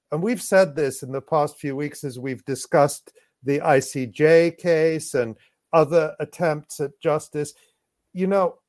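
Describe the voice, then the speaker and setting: A man hosting a roundtable, speaking in a measured, reflective way with frequent restarts. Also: on the high side, a little mellow, dry recording. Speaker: host. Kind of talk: roundtable discussion.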